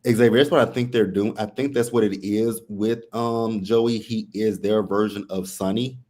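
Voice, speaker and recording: Male co-host, lower-pitched, relaxed casual chat, thinks out loud and restarts lines. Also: normal speed. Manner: relaxed, chuckles, restarts his sentences. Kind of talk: casual live review chat.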